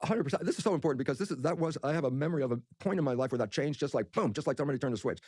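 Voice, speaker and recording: A man speaking as a podcast guest, telling personal stories in an excited, animated way and often repeating his words. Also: medium pitch, racing, no room sound, studio quality. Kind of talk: animated storytelling in conversation.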